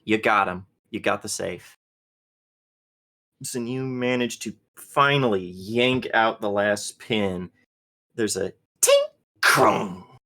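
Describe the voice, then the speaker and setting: A man running a tabletop game as game master, narrating in a relaxed storytelling way. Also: fairly low pitch, slow pace, long pauses.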